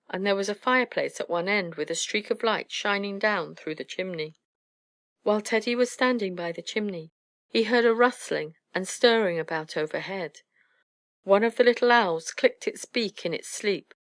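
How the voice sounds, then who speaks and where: A woman narrating a children's storybook in a gentle, measured way. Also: mid-range voice, no room sound, clean studio sound. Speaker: audiobook narrator.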